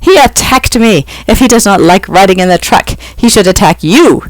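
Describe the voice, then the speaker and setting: A reader voicing an indignant, excitable male pixie who shouts in stiff, formal phrasing. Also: mid-range voice, normal speed, no echo, voice pushed up, natural voice. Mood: outraged shouting. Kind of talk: audiobook reading.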